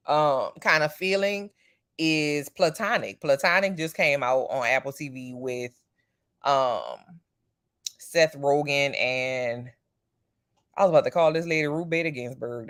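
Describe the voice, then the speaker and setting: A vlogger chatting casually to the camera, slangy and loose. The voice sits at a middling pitch and leaps sharply upward for emphasis, then drops back to a low, easy murmur. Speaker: vlogger, parent. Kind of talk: casual chat to camera about TV shows.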